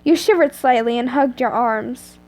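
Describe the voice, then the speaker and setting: A woman's voice: a little high, moderate pace, darkish tone. A teenage girl reading fanfiction aloud at home on an earphone mic, chatty and giggly, with self-mocking asides.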